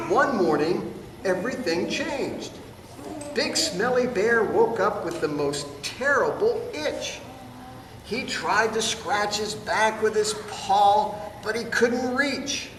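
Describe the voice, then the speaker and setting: A man's voice: high voice, expressive, slow. A man reading a picture book aloud to children in a playful way, pointing out the pictures. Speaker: storybook reader. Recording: distant, echoey hall with room noise.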